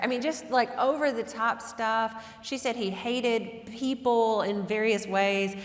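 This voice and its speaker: A woman's voice: a little high, expressive, measured pace, hardly any pauses. Chatty woman storyteller in echoey hall. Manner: chatty, self-deprecating, laughs often. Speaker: guest lecturer and author. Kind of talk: conversational storytelling lecture.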